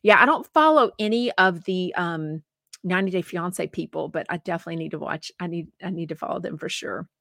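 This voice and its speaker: Woman co-host, bright chatty delivery, close dry sound, reads viewer comments. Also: fairly low pitch, a little fast, vocal fry, no room sound. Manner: chatty, rambling, sympathetic. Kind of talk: casual chat reading viewer comments.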